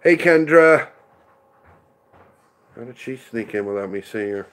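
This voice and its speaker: A man's voice: on the low side, steady tone, brisk, a little mellow. A middle-aged man hosting a casual livestream, chatting rambly and answering viewers by name. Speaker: livestream host reading chat.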